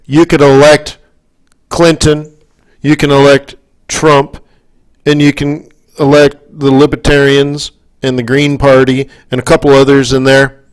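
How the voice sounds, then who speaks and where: Speaking a little slowly in a clean, mid-range voice with flat delivery, this man from Canada gives live market commentary to forex traders. He wanders through asides, checks in with listeners, and grows worked up and emphatic.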